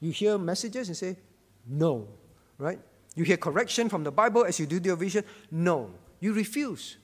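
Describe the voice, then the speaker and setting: A man's voice: high voice, long reverb tail. A man preaching a sermon as pastor, emphatic, repeating his key phrases and putting questions to the congregation. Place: church.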